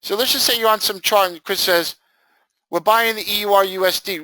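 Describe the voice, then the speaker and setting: A man teaching a live trading software session, talking casually and acting out his students' reactions with jokes. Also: high-pitched, fast talker, dry recording, rough recording. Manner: animated, jokey, acts out students' reactions. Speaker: trading instructor. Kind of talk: live screen-share training session.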